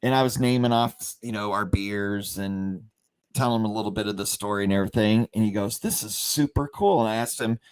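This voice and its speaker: A man's voice: fairly even intonation, fairly quick, clean tone. A man hosting a company livestream, telling a rambling story full of fillers and restarts and acting out the quotes. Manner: acts out quoted lines with big pitch jumps. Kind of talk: casual storytelling chat.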